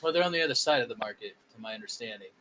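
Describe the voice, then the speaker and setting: A man's voice: medium pitch, expressive, rapid-fire, pushed and bright, a little hiss or hum, low-quality recording. A man playing a tabletop role-playing game, talking in an unsure, rambling way with many restarts. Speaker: player.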